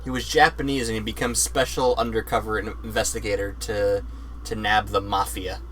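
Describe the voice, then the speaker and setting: A man's voice: fairly low pitch, fairly even intonation, a little fast, fairly bright tone, slight background noise. A young man streaming a game live, rambling, repeating himself and swearing as he plays.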